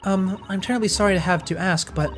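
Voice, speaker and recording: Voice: medium pitch, quick pace, faint music behind, lightly acted. Nervous young male lawyer, hesitant, apologetic, game dialogue, read by a streamer.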